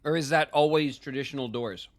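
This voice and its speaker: An American man streams a game live and chats the whole way through. His talk is loose and rambling, full of filler words and half-finished thoughts. His voice sits at an ordinary middle pitch for a man. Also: brisk. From United States. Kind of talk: casual live-stream chat while gaming.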